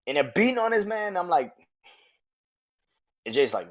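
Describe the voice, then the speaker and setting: A man hosting a podcast, reviewing wrestling in excitable, profane casual chat and laughing often. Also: a little high, normal speed, slightly rough, dull audio. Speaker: podcast host.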